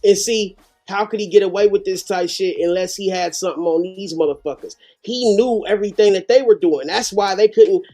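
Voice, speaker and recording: A man's voice: high-pitched, a little fast, hardly any pauses, warm tone, faint music behind. A man hosting a live reaction show, commenting animatedly with heavy slang and profanity. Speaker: host.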